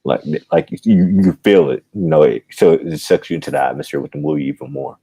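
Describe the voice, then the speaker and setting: A man's voice: extremely low pitch, fairly quick, warm tone, husky, no room sound. A man talking as a podcast guest in casual chat, rambling and digressive.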